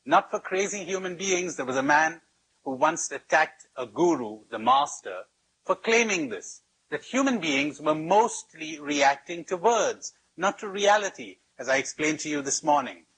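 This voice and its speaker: Husky guy teaching a workshop, slightly high voice, lots of stories and repeated lines. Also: lively intonation, unhurried, a bit bright, rough recording. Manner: storytelling with rhetorical repetition and humor. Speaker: spiritual teacher. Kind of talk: workshop talk.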